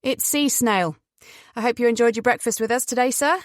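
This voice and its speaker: A woman's voice: on the high side, a little fast, no room sound, studio quality, pitched above the performer's own voice, lightly acted. A woman voicing a grinning male waiter who speaks politely with relish, in an audiobook.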